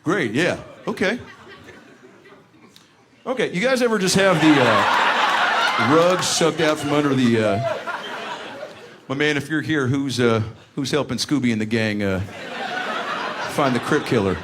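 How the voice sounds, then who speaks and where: A man's voice: mid-range voice, expressive, measured pace, long pauses. A man doing live stand-up crowd work, teasing audience members with brash, profane jokes. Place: comedy venue with live audience. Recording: live room with crowd laughter and noise.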